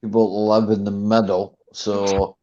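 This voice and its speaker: A man's voice: lowish voice, level tone, a little slow, dark tone. A Scottish man hosting a casual online chat, chatty and easygoing, peppering his talk with "you know" and "eh". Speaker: livestream host. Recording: lo-fi call audio.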